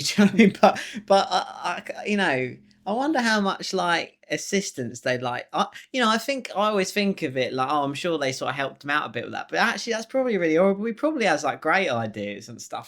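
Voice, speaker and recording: A man co-hosting a film podcast in loose, easygoing chat. His voice sits a little high. He trips over his words, leaning on "like" and "you know", and laughs as he goes. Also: a bit bright. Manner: halting, lots of "like" and "you know", laughs often. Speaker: podcast co-host. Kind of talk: casual film discussion.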